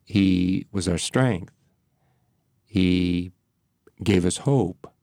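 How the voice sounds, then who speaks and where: A man speaking as a priest, reflecting on prayer in slow, measured phrases with pauses. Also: deep voice, warm tone, no echo, studio quality. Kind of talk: reflective spiritual talk.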